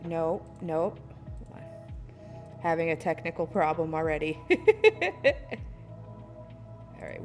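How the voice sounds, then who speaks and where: A woman streamer chatting casually to her viewers while fixing her stream settings, laughing at herself and humming as she works. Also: on the low side. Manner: self-deprecating, giggly, hums to herself while fiddling with settings. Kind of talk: casual live-stream chat. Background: soft lofi music.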